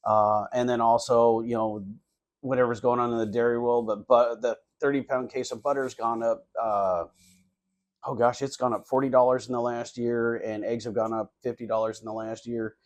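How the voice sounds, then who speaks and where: A man's voice: mid-range voice, level tone, normal speed. Rambling man chatting about baking. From California. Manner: rambling, lots of fillers and restarts. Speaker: guest, cookie business owner. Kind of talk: casual interview chat.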